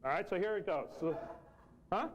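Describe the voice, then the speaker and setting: A man's voice: high voice, moderate pace, over loud music, poor audio. A man, telling a personal story earnestly and repeating phrases for emphasis. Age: 40s.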